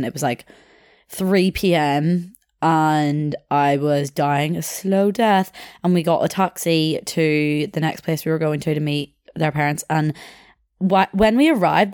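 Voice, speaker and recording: Low-voiced young woman, chatty. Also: a little mellow, no echo, clean studio sound. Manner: chatty and rambling, laughs as she tells it. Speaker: podcast host. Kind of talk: casual storytelling.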